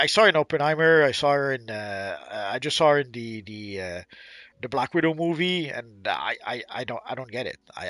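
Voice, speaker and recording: A man's voice: mid-range voice, bright, forceful tone, no echo. A man co-hosting a game livestream in casual chat, blunt and opinionated, often stumbling and repeating words as he talks. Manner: halting, repeats words, trails off.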